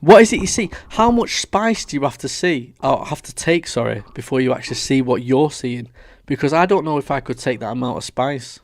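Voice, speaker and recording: A man's voice: medium pitch, expressive, a little fast, few pauses, no echo. A young British man doing casual, combative reaction commentary as a streamer, swearing a lot. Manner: brash, combative, heavy swearing.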